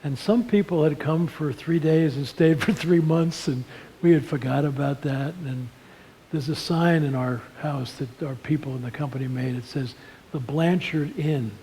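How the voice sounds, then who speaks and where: Guy telling folksy stories at a seminar, a bit high-pitched, faint hiss behind. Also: normal speed, poor audio. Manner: folksy, animated storyteller. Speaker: speaker at a seminar. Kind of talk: storytelling talk on leadership and faith. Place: seminary lunch seminar room.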